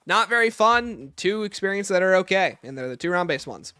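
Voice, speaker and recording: Lively, bright-voiced male streamer. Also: sits high, brisk, smooth, dry recording. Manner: reads viewer chat aloud and answers with blunt opinions. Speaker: livestream host. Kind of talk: casual livestream chat.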